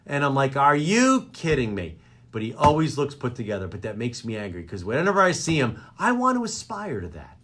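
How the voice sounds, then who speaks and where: A man hosting a live radio comedy show, ranting in an exasperated, animated way about everyday annoyances. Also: medium pitch, fast talker, hardly any pauses. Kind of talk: comedic rant. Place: radio studio.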